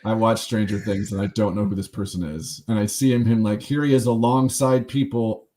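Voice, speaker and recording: A man hosting a casual film podcast, chatty and rambling, with quick asides and laughs. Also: fairly low pitch, steady tone, mellow. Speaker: podcast host. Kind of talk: casual chat.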